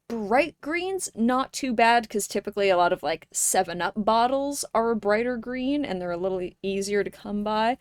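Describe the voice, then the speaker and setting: Young woman streaming, chatting slow and playful with chat, jokey, dry close sound. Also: mid-range voice, no echo. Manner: playful, joking, sudden loud bursts. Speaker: live streamer. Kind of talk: casual chat with stream viewers.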